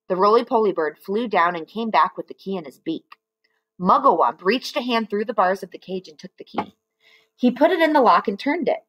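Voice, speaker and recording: A woman reading a children's book aloud, expressive and with chatty asides to her listeners. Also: mid-range voice, fairly quick. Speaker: storybook reader.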